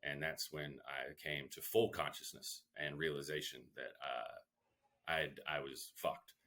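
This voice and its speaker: A male comedian, a guest on a podcast, telling a rambling self-deprecating story with lively ups and downs and some swearing. His voice is low and deep but has a forceful, bright edge. He tells the story like a seasoned storyteller. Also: measured pace.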